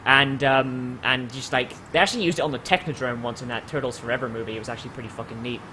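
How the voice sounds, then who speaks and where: A man co-hosting a podcast, chatting casually, rambling and swearing, often trailing off quietly. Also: medium pitch, fairly even intonation, quick pace, slight background noise, rough recording. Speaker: podcast co-host. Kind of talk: casual chat.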